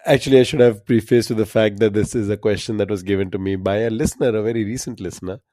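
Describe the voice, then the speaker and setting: A man co-hosting a trivia podcast in casual chat, easygoing and quick to laugh. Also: lowish voice, fairly even intonation, dark tone, no room sound, studio quality. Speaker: podcast co-host.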